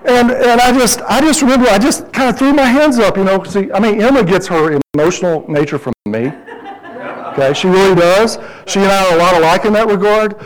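A middle-aged man preaching a sermon and telling a personal story, lively and animated, his voice jumping high as he quotes himself. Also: a little fast, poor audio. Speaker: pastor.

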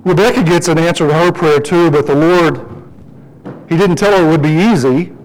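Speaking fairly quickly, a middle-aged pastor recounts a personal story in an animated sermon on a rough recording. When he quotes himself, his voice jumps high.

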